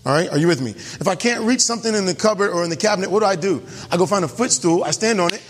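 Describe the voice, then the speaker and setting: A man's voice: high voice, rapid-fire, big-room sound. A male pastor preaching a sermon in a church, emphatic and often asking the congregation questions.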